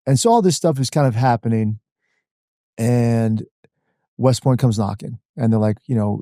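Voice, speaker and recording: A man in his forties from the Washington D.C. area talks through his past as a podcast guest, animated and casual, leaning on "man" and "like." His voice is warm and mellow. The sound is dry and close, with no room around it. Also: mid-range voice, brisk, no room sound. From Washington D.C. area, USA. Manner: animated, uses "man" and "like" a lot. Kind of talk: conversational storytelling.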